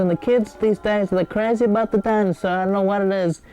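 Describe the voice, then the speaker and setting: A man's voice: high-pitched, steady tone, quick pace, dark tone, soft background music. A man hosting a comedic cooking show, rambling and digressing with many hesitations.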